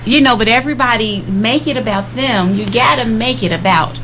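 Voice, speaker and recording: A woman telling a story in a lively, expressive way during a conversation. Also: on the high side, brisk. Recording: noisy recording.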